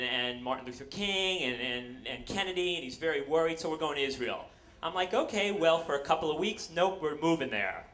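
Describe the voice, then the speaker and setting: A man's voice: on the high side, pushed and bright. A man in his forties from New York, telling a rambling, self-deprecating comic story on stage into a handheld mic. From New York, USA. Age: 40s. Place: on a stage before an audience. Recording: noisy live recording.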